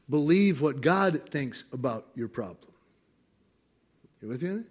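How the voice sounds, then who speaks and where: A man preaching a sermon as pastor, animated and playful, acting out voices with bursts of laughter. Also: medium pitch, unhurried, long pauses, breathy edge. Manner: animated, acts out God's voice with laughter.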